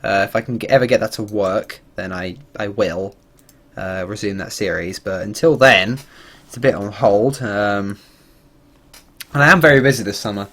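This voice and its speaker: A man with a fairly low voice gives casual commentary on his game stream at a moderate pace. He rambles in an animated way, swearing and laughing often.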